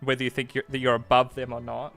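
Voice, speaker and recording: A man co-hosting a casual live stream from home, rambling with halting restarts and laughter. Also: mid-range voice, completely flat delivery, vocal fry, a bit bright, faint music behind. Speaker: co-host.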